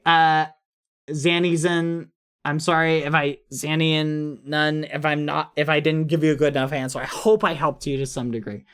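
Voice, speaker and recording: A man's voice: a little high, fairly bright tone, clear, resonant tone. A young man chatting on a late-night live stream, reassuring viewers in a rambling, apologetic way. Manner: reassuring, rambling, apologetic, reads chat and donations. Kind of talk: casual live-stream chat.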